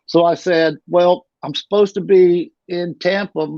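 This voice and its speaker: A man's voice: high-pitched, fairly even intonation, a little slow, a little mellow, no room sound. A middle-aged man telling his story casually as an interview guest, rambling and often repeating and restarting his words. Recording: dull lo-fi recording.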